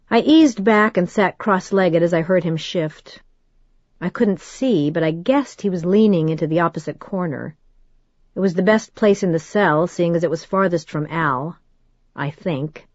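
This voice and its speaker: A woman reading a first-person audiobook in a measured, steady storytelling manner. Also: on the low side, no room sound, highs cut off. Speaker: audiobook narrator.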